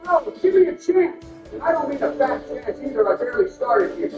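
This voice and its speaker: High-voiced man bickering in crude impressions. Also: lively intonation, moderate pace. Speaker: gameplay commentator. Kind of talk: comedic game commentary. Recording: roomy, distant, muffled, with music.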